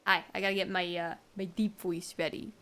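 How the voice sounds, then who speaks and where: A woman's voice: fairly low pitch, fairly even intonation, brisk, fairly bright tone, faint music behind. A woman streaming a video game, chatting casually with playful, laughing asides. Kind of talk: casual gameplay commentary.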